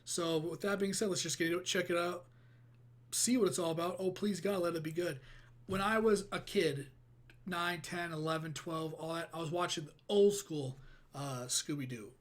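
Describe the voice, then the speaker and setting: A man hosting a casual reaction video, rambling, swearing freely and getting excited. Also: a little high, moderate pace.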